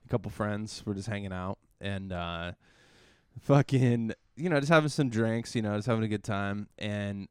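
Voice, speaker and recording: A man's voice: lowish voice, normal speed, clean tone, no echo, clean studio sound. A man co-hosting a podcast, telling a crude bar story in a rambling, filler-heavy way. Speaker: podcast co-host. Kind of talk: casual chat.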